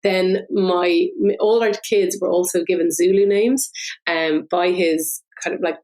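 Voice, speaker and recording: A middle-aged Irish woman from Dublin, a podcast guest telling lively stories in a casual chat. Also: lowish voice, poor audio. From Ireland. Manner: lively, animated storytelling with quick asides.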